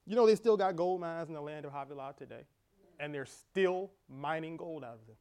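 Animated man preaching a lively sermon. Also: on the high side, brisk, smooth. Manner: animated preaching with laughter and quoted dialogue. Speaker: pastor.

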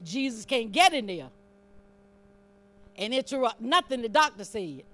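A woman's voice: fairly high pitch, big pitch swings, unhurried, fairly bright tone. A woman preaching a sermon in a conversational, fervent way, teasing the congregation and building up emphasis as she reads scripture.

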